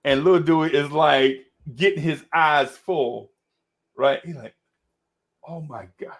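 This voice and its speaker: A middle-aged man telling a story in an animated, casual way, laughing often and calling his listener "bro.". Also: a little high, unhurried. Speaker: podcast host.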